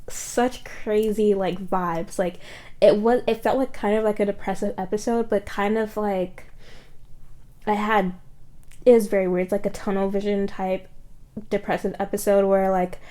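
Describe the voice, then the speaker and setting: A woman's voice: mid-range voice, steady tone, a little slow, dark tone. A woman vlogger telling a story in a casual, rambling way, full of "like" fillers and blunt swearing.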